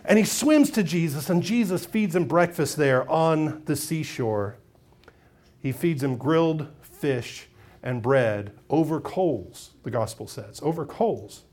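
Pastor guy preaching, high voice, really lively storytelling. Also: slow pace. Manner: expressive storytelling, acts out quotes. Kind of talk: sermon.

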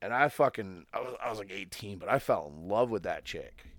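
A man's voice: on the low side, animated, a little fast, fairly bright tone, dry recording. A man co-hosting a podcast in casual chat, telling laid-back stories with plenty of swearing.

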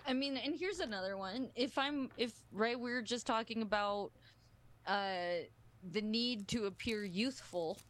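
A woman's voice: on the high side, a little slow. A woman co-hosting a podcast in casual chat, rambling and peppering her talk with "like" and "right?". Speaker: podcast co-host.

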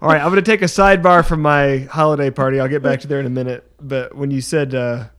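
A man co-hosting a podcast, joking dryly in casual banter and often halting with fillers. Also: mid-range voice, steady tone, a bit bright, clean tone. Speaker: podcast co-host.

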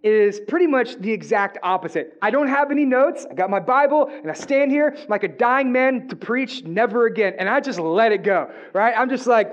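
A male pastor preaching a sermon in an animated, joking way, with frequent asides to the congregation. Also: very high-pitched, normal speed.

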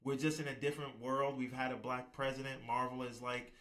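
A man hosting a casual podcast chat, talking in a relaxed, rambling way with lots of fillers. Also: mid-range voice, a little fast. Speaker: host.

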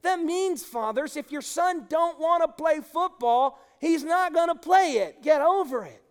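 Impassioned preacher with a lively high voice. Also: male voice, a little slow. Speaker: pastor. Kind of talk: sermon. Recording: long hall reverb.

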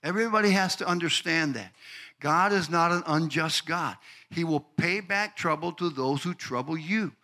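Fervent older male preacher, bright voice. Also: fairly high pitch, moderate pace. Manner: fervent preaching, calls out congregants by name; builds to shouted, sing-song climaxes. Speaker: pastor. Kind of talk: sermon.

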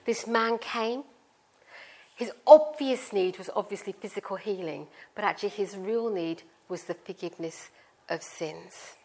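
A woman's voice: medium pitch, unhurried, a little mellow. Middle-aged British woman, preacher; informal, chatty sermon delivery with homely examples. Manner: chatty, informal, explains with family stories. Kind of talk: conversational sermon.

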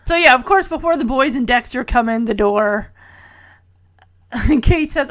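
Middle-aged woman recapping a show, bit higher voice, wry jokey asides, dry close mic. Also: normal speed, no echo. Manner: chatty, wry asides, laughs while retelling. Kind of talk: casual episode recap.

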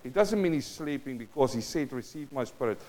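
A male pastor with a South African accent delivers a sermon. His delivery moves between near-whispered asides and loud, emphatic lines. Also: mid-range voice, lively intonation, brisk. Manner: dynamic preaching, swinging between hushed and loud.

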